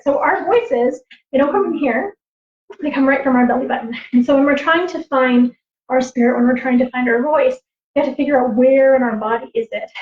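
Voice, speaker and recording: High-voiced woman telling lively stories. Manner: animated, laughing, acting out voices. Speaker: Indigenous storyteller and teacher. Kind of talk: storytelling livestream. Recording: roomy, slightly dull livestream audio.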